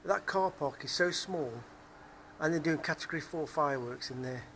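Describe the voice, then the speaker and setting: A man from England, speaking Nottingham English, vlogs outdoors near a car park in a casual, rambling monologue where he keeps repeating himself. His voice is a little high and fairly bright, at a normal speed, with slight background noise.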